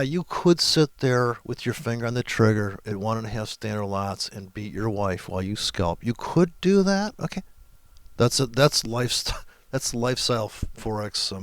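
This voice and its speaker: A man's voice: fairly low pitch, no room sound. A man giving a casual screen-share trading tutorial, rambling through it with sarcastic, crude asides. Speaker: forex trading presenter.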